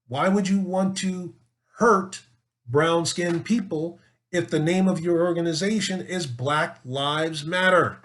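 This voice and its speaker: A man's voice: fairly high pitch, fairly bright tone. A man in an opinion monologue, talking emphatically with rhetorical questions and repeated words as he builds his case. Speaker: political commentator.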